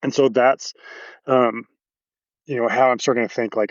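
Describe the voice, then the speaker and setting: A man's voice: medium pitch, fairly even intonation, normal speed, long pauses, no room sound, muffled recording. A man coaching athletes, explaining movement casually in a podcast interview with anatomical detail and frequent fillers.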